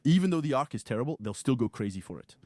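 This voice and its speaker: A man's voice: medium pitch, big pitch swings, fast talker, dark tone, no echo, clean studio sound. A man co-hosting a podcast in casual chat, blunt and opinionated in how he talks. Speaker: podcast co-host.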